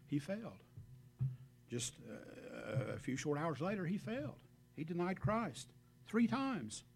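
A man's voice: fairly high pitch, gravelly, a little mellow, husky. A man giving a conversational sermon, speaking earnestly and addressing the congregation directly, with reflective asides between scripture readings. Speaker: preacher.

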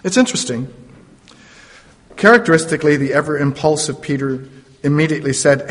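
Male preacher, sermon, dramatic storytelling, fairly high voice, long hall reverb. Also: normal speed. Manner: dramatic, animated storytelling with asides.

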